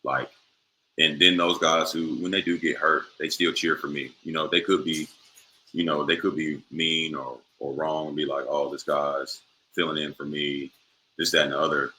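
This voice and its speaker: A man's voice: extremely low pitch, fairly even intonation, moderate pace, bright, forceful tone, slight background noise, low-quality recording. A young man, a professional basketball player, answering interview questions in a laid-back way with many fillers.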